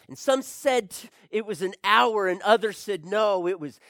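A man performing a dramatic first-person monologue, swinging between hushed whispers and anguished cries. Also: high-pitched, moderate pace, creaky, hardly any pauses, no room sound, clean studio sound. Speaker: storyteller.

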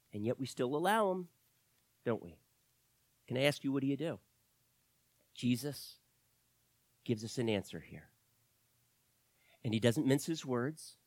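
A middle-aged male pastor preaching a sermon to his church, swinging from loud emphasis to quiet asides, with self-deprecating humor. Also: fairly high pitch, no echo.

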